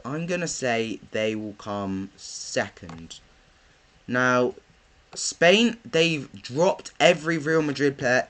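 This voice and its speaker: A young man, chatting casually through his football predictions, thinking aloud with lots of ums. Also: medium pitch. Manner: rambling, thinks aloud with many ums, bursts into excited chanting. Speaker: football vlogger.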